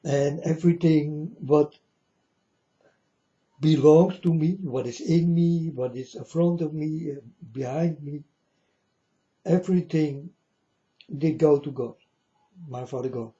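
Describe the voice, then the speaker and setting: Slow, dark-voiced man preaching to viewers. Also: a little high, lo-fi sound. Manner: slow, repetitive, keeps asking "you understand?". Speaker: channel host. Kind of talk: religious monologue to viewers.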